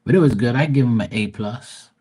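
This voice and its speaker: Male streamer, husky voice, loose profane storyteller. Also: medium pitch, a little fast, warm tone. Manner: profane, rambling,喜 joking. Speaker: livestream tarot reader. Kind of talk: casual livestream storytelling.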